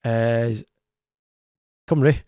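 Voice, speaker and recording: A man's voice: mid-range voice, fairly even intonation, mellow, clean tone, no room sound. A man co-hosting a football podcast in a casual, chatty way, often restarting his sentences. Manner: chatty, self-correcting, quick laughs. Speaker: podcast co-host. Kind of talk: casual chat.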